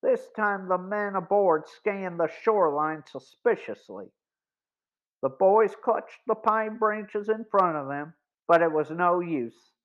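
A man narrating a boys' mystery audiobook in a measured, deliberate reading. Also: sits high. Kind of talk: scripted story narration. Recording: dull lo-fi recording.

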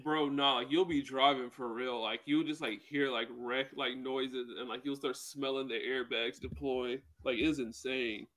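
A man's voice: medium pitch, steady tone, moderate pace, hardly any pauses, a bit bright. A young man co-hosting a casual podcast, telling rambling stories full of fillers. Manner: rambling, filler-heavy storytelling. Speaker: podcast co-host.

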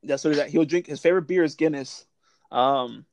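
A man's voice: on the high side, fast, darkish tone, slight background noise. A young man hosting a casual chat, telling old service stories, swearing freely and laughing often. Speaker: podcast host.

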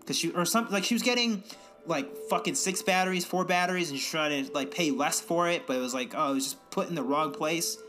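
A young man in casual profane chat, ranting and mimicking other people in high voices. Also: quick pace, over music.

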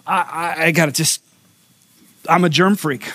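A man pastor preaching a sermon, telling a story with lively acted-out voices and frequent restarts. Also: fairly high pitch, normal speed. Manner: animated storytelling, acting out voices; repeats words when starting thoughts.

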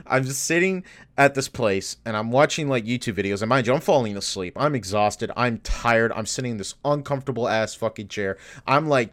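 A man co-hosting a podcast, telling a story in casual chat, swearing a lot and getting worked up in bursts. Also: fairly low pitch. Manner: profane, animated, rants in bursts. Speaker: podcast co-host.

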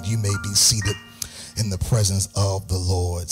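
A pastor preaching a sermon in a church. He speaks in a sing-song style, calls for "amen" from the congregation, makes joking asides to people he names, and builds to shouted, fervent peaks. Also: on the low side, a little slow, over music.

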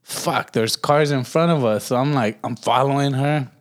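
A male podcast co-host tells a story in casual chat at a moderate pace, his voice mid-range. He's laid-back, swears freely, and often laughs at himself.

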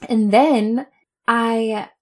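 Animated woman telling a story. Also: on the high side, extremely slow. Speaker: podcast co-host. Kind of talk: casual chat.

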